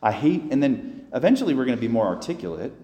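A man's voice: mid-range voice, big pitch swings, fast, dark tone, lo-fi sound. A man, a priest, giving a sermon in a plain, conversational way, talking through the prayers he describes. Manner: earnest, conversational preaching with restarts and voiced inner prayers. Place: church. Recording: echoey church hall.

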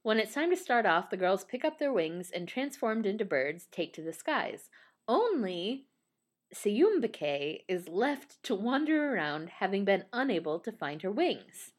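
A woman's voice: mid-range voice, sing-song, measured pace. A woman in casual chat who reads a ballet synopsis aloud, often laughing and stumbling over unfamiliar names. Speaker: podcast co-host.

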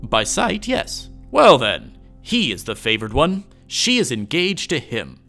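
A man voicing a jovial, mocking gentleman friend who teases heartily. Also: mid-range voice, huge pitch swings, measured pace, creaky, faint music behind, pitched above the performer's own voice, heavily acted. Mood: teasing.

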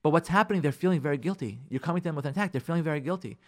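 A man's voice: a little high, racing. A man hosting a radio advice show, delivering a preachy monologue that repeats points for emphasis and acts out spouses' lines. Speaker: radio host giving marriage advice.

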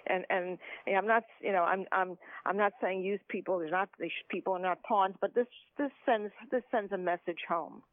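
A man's voice: high-pitched, fairly even intonation, moderate pace, hardly any pauses, no echo. A man calling in to chat about politics, stumbling through restarts and tossing in sarcastic asides. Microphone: phone. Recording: tinny phone line.

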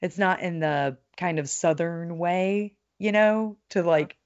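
A woman's voice: lowish voice, slow, dull audio. A woman co-hosting a podcast, chatting casually with lots of fillers and giggles. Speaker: podcast co-host. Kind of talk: casual chat.

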